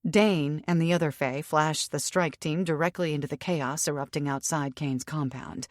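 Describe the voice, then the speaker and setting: A woman narrating a fantasy audiobook in an even, steady storytelling manner. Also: deep voice, normal speed, no echo, clean studio sound. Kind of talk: scripted narration.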